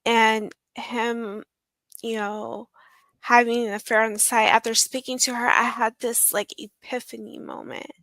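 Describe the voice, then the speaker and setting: Slow gravelly-voiced woman telling her story. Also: fairly high pitch, level tone, pushed and bright, no room sound. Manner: halting, emotional, with many pauses and fillers. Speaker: interview guest. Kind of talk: personal story in an interview.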